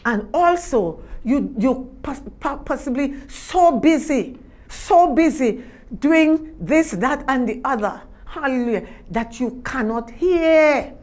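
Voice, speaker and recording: A woman's voice: sits high, animated, slow, a little mellow. A woman minister with a Trinidad and Tobago accent preaching a sermon, fervent and repetitive, with frequent hallelujahs.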